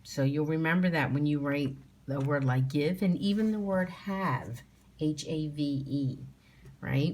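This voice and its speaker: A woman's voice: sits low, a little slow, a little mellow, a little hiss or hum. A middle-aged woman teacher leading a phonics spelling lesson for young children at home, patiently sounding out letters and words.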